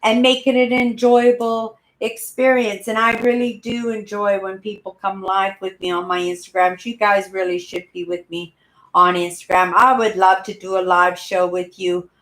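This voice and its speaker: A woman in her sixties, host of a casual live-stream chat, who rambles and keeps adding "right?" and calls herself a loud talker. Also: mid-range voice, little pitch movement, normal speed. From Canada. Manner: self-described loud talker. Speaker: channel host. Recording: roomy echo.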